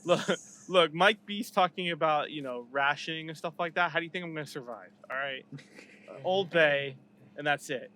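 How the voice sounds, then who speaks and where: A man's voice: a little high, normal speed, bright, forceful tone, slight background noise. A man in casual podcast chat who laughs often and restarts his sentences.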